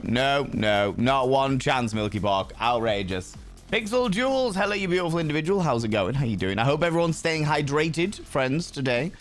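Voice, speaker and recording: A man hosts a casual livestream and greets viewers with cheeky, playful banter. His voice sits on the low side and he sounds a bit sleepy. Faint music plays under his talk. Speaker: livestream host.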